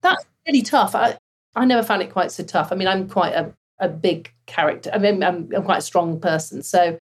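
A woman with a slightly breathy voice talks through her years as a fighter pilot. She tells it casually and animatedly, with bursts of laughter. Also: lowish voice. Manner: animated, laughs while telling stories. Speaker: former fighter pilot guest. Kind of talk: casual interview storytelling.

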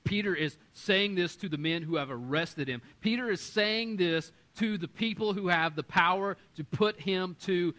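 A man preaching a sermon as pastor, animated and self-deprecating, acting out the voices in the stories he tells. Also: high-pitched, moderate pace, hardly any pauses, rough recording. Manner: animated, self-deprecating humor, acts out quotes. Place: church sanctuary.

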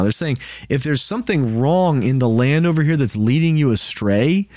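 A man's voice: mid-range voice, normal speed, no echo, clean studio sound. Casual man teaching Bible study. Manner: conversational, paraphrases scripture in lively quoted asides.

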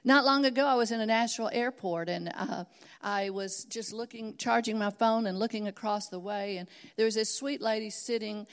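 A middle-aged woman preaches, her voice sitting a little higher than most. She tells her stories earnestly and then presses her point home with emphatic, rising exhortation. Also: normal speed, clean tone. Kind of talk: sermon.

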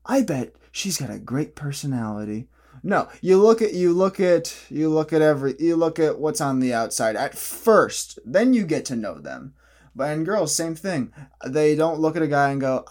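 A man's voice: fairly high pitch, darkish tone. A young man in a casual, opinionated vlog monologue who rambles, restarts often and laughs at his own jokes. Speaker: vlogger.

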